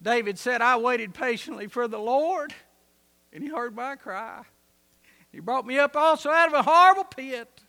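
A man preaching a sermon, telling a story and building to loud, emphatic peaks. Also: very high voice, lively intonation, normal speed.

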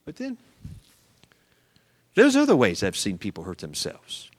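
A male pastor preaching a sermon, animated storytelling with acted-out voices and sudden shouts. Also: fairly low pitch, a little slow, big-room sound.

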